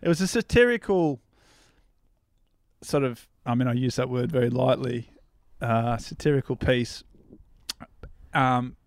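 A man of middling pitch talks as a guest on a podcast, rambling and often laughing at himself. His voice is close and dry, with no room sound. He talks casually about his own writing. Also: a little slow, no room sound. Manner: rambling, laughing, self-deprecating. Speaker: surf writer and podcast guest. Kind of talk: casual interview chat.

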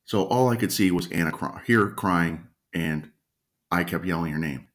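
A man casually telling a personal story at home, unhurried and often clearing his throat. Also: low voice, a bit bright. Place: at home with a dog nearby.

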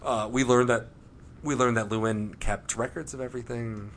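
A man hosting a casual, excitable chat about a TV show, swearing often and breaking into quick impressions. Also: mid-range voice, a little hiss or hum. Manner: excited, swearing, jumps between voices. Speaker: podcast host.

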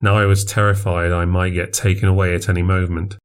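Male podcast narrator, low register, first-person horror tale, unshowy confessional delivery. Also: level tone, fairly quick. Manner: confessional, plainspoken.

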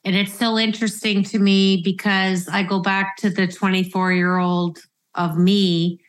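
A woman in her fifties hosting a podcast, speaking earnestly and reflectively, slowing down to stress key phrases. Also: medium pitch, little pitch movement. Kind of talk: reflective conversational interview.

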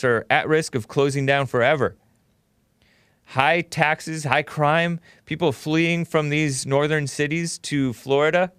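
A man's voice: on the high side, fairly bright tone, clear, resonant tone, no room sound, studio quality. A man hosting a call-in talk show, arguing with and interrupting callers.

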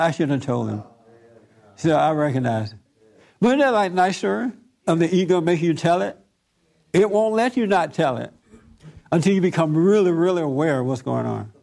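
A man leading a group talk, telling a story in a lively way and laughing often. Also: fairly high pitch, vocal fry. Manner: animated, laughs often, acts out other voices. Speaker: discussion group leader.

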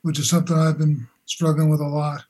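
An older man, a philosopher guest on a remote call, talking in halting, searching sentences with many restarts. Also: on the high side, monotone, darkish tone, low-quality recording. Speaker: guest, philosopher and boxing coach. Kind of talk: conversational interview.

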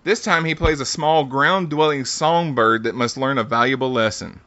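A man's voice: medium pitch, moderate pace, sharp tone, no echo. A man hosting a casual podcast, reading quiz setups and laughing often. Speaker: podcast host running a quiz game. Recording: dull lo-fi sound.

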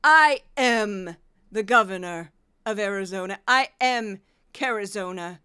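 A woman's voice: mid-range voice, measured pace, bright, forceful tone, smooth, no echo, studio quality. A woman voicing a self-obsessed, grandiose female politician as a comic impression, with a self-important manner. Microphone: close podcast mic with a sound wall.

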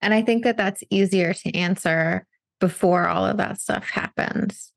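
A woman literary agent and author talking as a podcast guest, thoughtful and relaxed, dotted with filler words. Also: mid-range voice, measured pace, vocal fry, no echo, clean studio sound. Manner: reflective, loose with fillers like "like". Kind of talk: casual podcast conversation.

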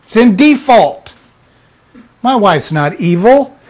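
A man's voice: high voice, sing-song, slow pace, darkish tone. A man preaching an informal sermon to a small group, blunt and emphatic, acting out little scenes.

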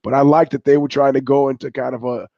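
A man's voice: mid-range voice, level tone, quick pace, creaky, dark tone, no echo. An older man hosting a livestream, talking in a rambling, profane, digressive way. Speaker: host. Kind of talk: casual livestream monologue. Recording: dull, dry lo-fi stream audio.

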